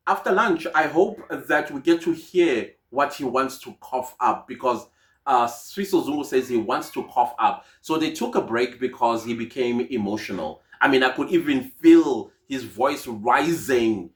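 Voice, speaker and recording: A man's voice: mid-range voice, animated, measured pace, a bit bright. A South African man giving casual, indignant commentary on a court case, mixing in Zulu phrases. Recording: echoey room.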